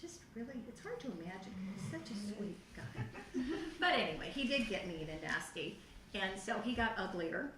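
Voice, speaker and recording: A middle-aged woman telling her personal testimony to a youth group, animated and acting out her own past reactions. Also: mid-range voice, normal speed. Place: church youth room. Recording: echoey room, voice from far off the mic, faint noise.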